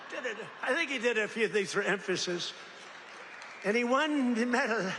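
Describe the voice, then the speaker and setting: An older man from the United States speaks in a fairly high voice, drifting from point to point with brags and asides. His podium microphone rings through a big factory hall with a long echo and faint background hum. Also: expressive, moderate pace, a crowd in the background. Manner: rambling, boastful, jokey, breaks into mock voices. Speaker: political speaker addressing workers. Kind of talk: off-the-cuff rally speech. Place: large factory hall, indoors.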